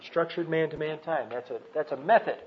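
A man's voice: a little high, a little fast, slight background noise. A man teaching from the Bible, who asks rhetorical questions and answers them himself. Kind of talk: teaching talk. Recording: dull lo-fi recording.

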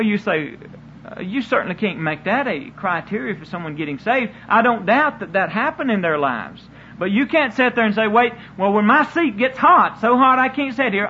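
A man's voice: high-pitched, a little hiss or hum. A man preaching a sermon in an earnest, repetitive style, often restarting his sentences. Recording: dull lo-fi sermon recording.

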